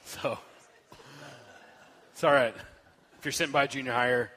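A man giving a sermon as a guest speaker, telling a story in an animated, joking way that swings from loud to soft. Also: mid-range voice, normal speed, big-room sound, a little hiss or hum.

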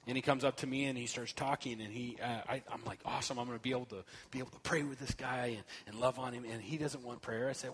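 Man, guest preacher, tells stories with jokes, voice jumps from loud to soft, faint hiss behind. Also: mid-range voice, fast, hardly any pauses, in a large hall. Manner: animated, joking, swings from loud to soft. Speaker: guest speaker. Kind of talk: sermon storytelling.

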